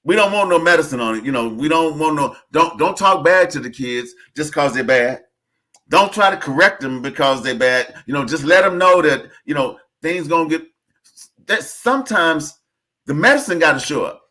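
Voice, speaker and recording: A man hosting a casual conversation, telling stories in an animated, preachy way. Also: on the high side, normal speed. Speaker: podcast host.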